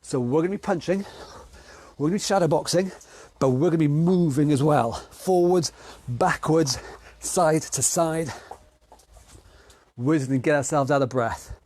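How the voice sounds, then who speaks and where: A man's voice: a little high, normal speed, long pauses, a little mellow. A British man with a stuffy nose, leading an online exercise class and encouraging people as he counts them through each round. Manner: upbeat, encouraging, counting down reps. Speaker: fitness instructor.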